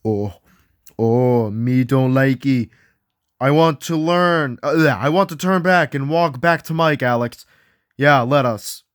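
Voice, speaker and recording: A man hosting an acted ghost hunt, excitable and often yelling out names. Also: on the high side, unhurried, dry recording, studio quality.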